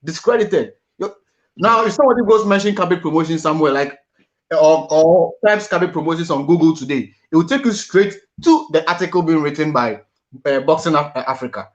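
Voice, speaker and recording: A man's voice: on the high side, fairly quick. Male host, earnest, repeats and restarts words, muffled lo-fi sound. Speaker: boxing show host. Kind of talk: panel discussion on boxing.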